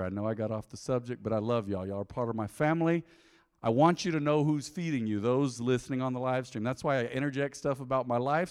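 A middle-aged man preaching a sermon in a church, telling candid stories from his own life and building to a loud, fervent prayer. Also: mid-range voice. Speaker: pastor. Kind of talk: sermon with personal testimony. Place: church sanctuary. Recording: long church hall reverb.

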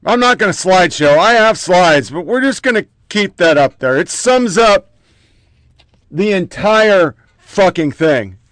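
A man's voice: high-pitched, lively intonation, measured pace, fairly bright tone, no echo. A man hosting a political commentary show, reading out headlines in short clipped bursts with profane, mocking asides.

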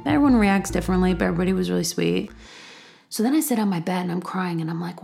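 A woman's voice: lowish voice, animated, quick pace, gravelly, mellow. A woman telling a candid personal story, chatty and self-deprecating, often acting out both sides of a conversation.

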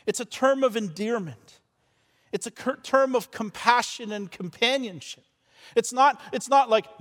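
A man preaching a sermon as pastor, repeating words as he stumbles, swinging between loud and soft passages. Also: very high-pitched, expressive, unhurried. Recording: long reverb of a large church hall.

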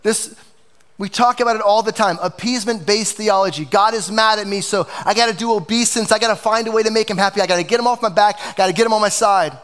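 Passionate high-voiced male pastor preaching. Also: quick pace, a bit bright, long reverb tail. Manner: passionate, emphatic preaching with rising emotion. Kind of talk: sermon. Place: church sanctuary.

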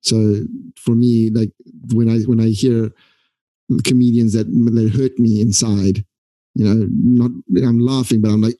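A man hosting a casual podcast conversation, searching for words in halting phrases full of fillers. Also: medium pitch, level tone, warm tone, no room sound, poor audio.

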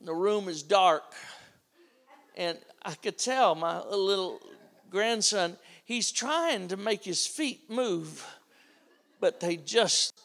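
Slow, high-voiced older male preacher. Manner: animated storyteller acting out voices. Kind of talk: sermon storytelling.

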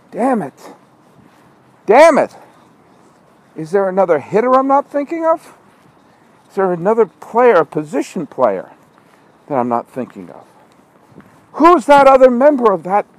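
Man, podcast host, exasperated self-talk, animated swings in pitch, outdoors, traffic and a reversing truck behind. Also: rough recording. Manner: self-scolding, exasperated rambling. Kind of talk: walking monologue podcast. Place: outdoor parking lot at night. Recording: outdoor street noise, truck backing up.

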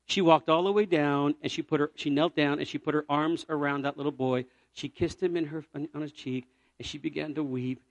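Male evangelist from Puerto Rico, high voice, dry close sound, storytelling sermon, shifts from loud to hushed. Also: a little fast, dry recording. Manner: animated storyteller, swings from loud cries to near-whispers. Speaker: evangelist preacher.

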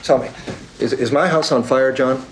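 A man's voice: mid-range voice, moderate pace, noisy background, lightly acted. An actor playing a hostile male journalist who challenges a psychic. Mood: challenging. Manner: challenging, defiant.

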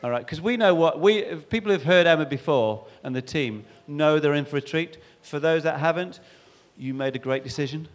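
A man hosting a church event, introducing the speakers with lots of ums and restarts. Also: fairly high pitch. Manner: rambling, halting, full of ums and restarts. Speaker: event host. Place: church hall.

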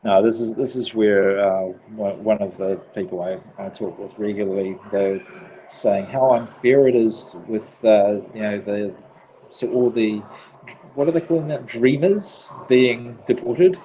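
A man from New Zealand with a New Zealand accent talks in a loose, laughing way, cursing and restarting his sentences as he goes. His voice sits fairly low. The recording is dull and lo-fi, with a faint hiss of noise underneath. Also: dark tone. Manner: laughs often, swears freely, halting restarts. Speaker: podcast guest. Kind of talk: casual podcast chat.

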